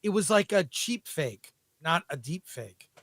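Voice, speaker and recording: A man co-hosting a casual livestream, reacting quickly and emphatically and repeating his points. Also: fairly high pitch, very animated, fairly bright tone, breathy edge, dry recording. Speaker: regular co-host.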